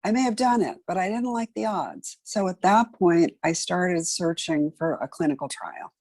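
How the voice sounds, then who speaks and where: A woman's voice: on the low side, normal speed, a little mellow, dry recording. A middle-aged woman telling her personal story as an interview guest, earnest and conversational with many fillers. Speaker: interview guest, patient advocate.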